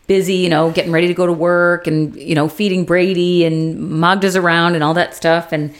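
A woman co-hosting a casual podcast chat, recapping a TV series and acting out the characters' lines with big leaps in pitch. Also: fairly quick. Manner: animated retelling, acts out quotes with big pitch jumps. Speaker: podcast co-host.

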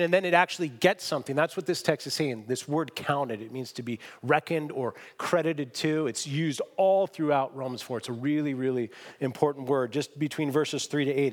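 A man's voice: fairly high pitch, moderate pace, hardly any pauses, in a large hall. A man preaching a sermon as pastor, emphatic and self-deprecating as he tells a story to his church. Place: church sanctuary.

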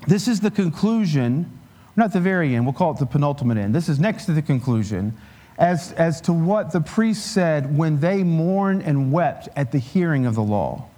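A man preaching a conversational sermon as a guest scholar, explaining in a relaxed way and dropping in wry humorous asides. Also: fairly high pitch, normal speed.

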